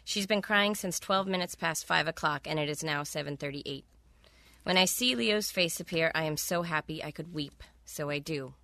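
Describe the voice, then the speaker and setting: A woman's voice: sits low, moderate pace, sharp tone, no room sound. Give me a woman reading her own novel in a dry, close sound, wry and candid. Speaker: author.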